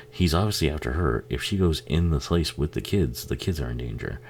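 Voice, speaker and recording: A man with an extremely deep, gravelly voice talks along with a movie he is watching. He swears freely, laughs and cracks crude jokes at the screen. A faint hum sits under the recording. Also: animated, fairly quick. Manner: profane, laughing, jokey, talks back to the screen. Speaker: film commentary host. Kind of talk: casual movie commentary.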